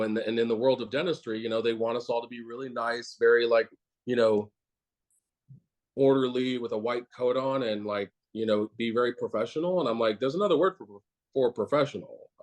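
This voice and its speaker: A man, a dentist, talking bluntly and casually in an interview, rambling with many fillers and swearing. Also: mid-range voice.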